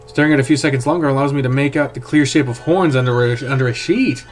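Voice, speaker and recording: Man, streamer, first-person horror narration, hushed, tense, mid-pitched voice. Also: fast, soft background music. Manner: tense, hushed dramatic reading. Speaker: streamer reading a visual novel.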